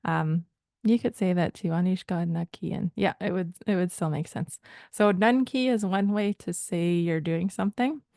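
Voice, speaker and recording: A woman from Rama First Nation in Canada explaining language points in a thoughtful, hesitant way, often pausing to search for words. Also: fairly low pitch, gravelly, a little mellow, no echo. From Rama First Nation, Ontario, Canada. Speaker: language teacher.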